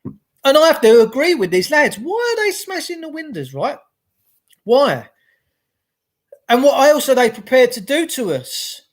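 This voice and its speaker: A man's voice: very high voice, very animated, unhurried, long pauses. A middle-aged man talking casually from home by a log burner, greeting viewers and ranting with passion. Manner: chatty, greets viewers, impassioned. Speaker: vlogger. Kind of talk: casual livestream rant.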